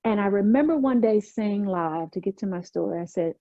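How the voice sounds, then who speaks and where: Middle-aged woman guest, emphatic testimonial storyteller, mellow higher voice, dry lo-fi call audio. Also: a little fast, hardly any pauses, dry recording. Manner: emphatic, testimonial, animated retelling. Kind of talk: storytelling interview.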